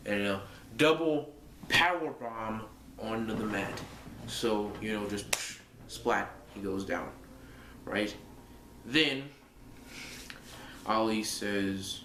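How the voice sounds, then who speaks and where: A young man vlogs casually in a fairly low, slightly bright voice, rambling through a fantasy-booking story with lots of fillers and restarts. He's recorded in an echoey room with slight background noise.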